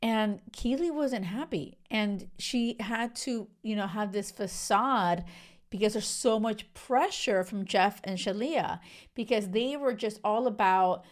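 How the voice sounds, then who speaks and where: A woman's voice: mid-range voice, unhurried. Outraged young woman podcast host. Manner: outraged, emphatic, many "like" and "you know" fillers. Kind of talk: casual solo podcast commentary.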